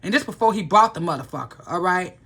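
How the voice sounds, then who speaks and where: A woman's voice: fairly low pitch, animated, fast talker, a bit bright, husky. A woman telling a personal story to the camera in a rambling, profane, heated way. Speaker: vlogger. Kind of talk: casual storytelling vlog.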